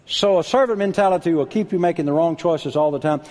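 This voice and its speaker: An older man preaching a sermon, husky-voiced, dropping to a hush and then calling out loud. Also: fairly high pitch, quick pace. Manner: animated preaching, drops to a hush then shouts out. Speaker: pastor.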